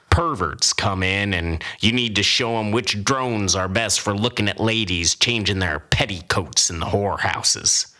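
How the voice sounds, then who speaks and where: Old cowboy braggin' his tall tales, a guy doing the voice, folksy, kinda low and punchy. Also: pushed and bright. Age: older. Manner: folksy, boastful, rambling. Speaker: storyteller. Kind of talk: comic tall-tale narration.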